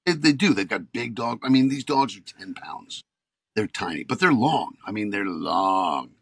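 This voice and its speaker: Gravelly, animated American actor, fifties. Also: male voice, fairly low pitch, normal speed, dry recording. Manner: animated storyteller, gets worked up. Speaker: podcast guest, actor. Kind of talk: casual podcast chat.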